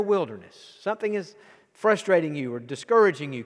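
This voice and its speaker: A man in his forties with an East Texas drawl preaches a sermon with a slightly raised pitch. He tells stories in a folksy way, slips into near-hushed passages and then builds to fervent urging. His voice rings with the long reverb of a church hall. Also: sing-song, fairly quick. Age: 40s. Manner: folksy storytelling, dropping to a near hush then rising to fervent exhortation. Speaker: pastor.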